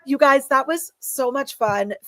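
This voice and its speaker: A woman's voice: high voice, measured pace, bright, forceful tone, no room sound. A woman hosting a live stream from home, reading viewer comments aloud and chatting in a bubbly, friendly way. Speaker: livestream host.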